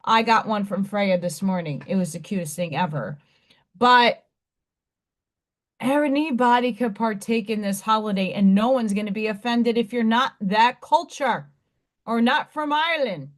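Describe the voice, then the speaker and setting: A woman's voice: a little high, moderate pace. Chatty woman hosting a casual livestream. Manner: chatty, rambling, warm greetings to viewers. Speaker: livestream host. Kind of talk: casual live chat with viewers.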